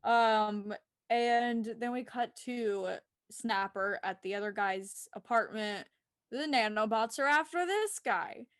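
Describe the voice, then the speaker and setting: Higher-voiced woman gushing through a tv recap, giggly, does little voices for the characters, dry close mic. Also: slow, dry recording. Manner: animated, giggly, acts out characters' lines. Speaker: co-host recapping an episode. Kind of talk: casual chat.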